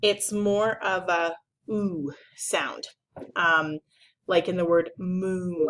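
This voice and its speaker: Slow, patient woman teaching phonics. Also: on the low side, steady tone, fairly bright tone, slight background noise, rough recording. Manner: patient, explanatory, stretches out vowel sounds. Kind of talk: phonics lesson explanation.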